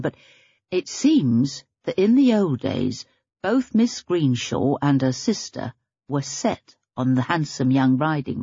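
A woman voicing a civil, practical middle-aged male police inspector with a measured, matter-of-fact manner. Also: a bass voice, vocal fry, dark tone, slightly rough, no room sound, muffled recording, full character voice.

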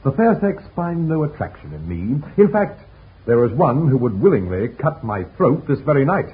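A cheerful young Corsican son, played by a man in a vintage radio play, eager and quick to laugh. His pitch moves in lively leaps. It comes through a tinny, narrow broadcast sound. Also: close to an everyday voice. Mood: jovial. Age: young adult. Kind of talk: 1940s radio acting.

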